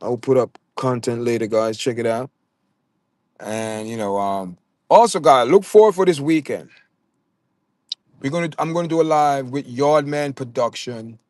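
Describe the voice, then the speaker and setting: A Jamaican-accented livestream host chats casually with his viewers, frequently stammering and repeating himself. His voice is medium in pitch and a touch mellow, at normal speed, recorded with studio quality and no echo.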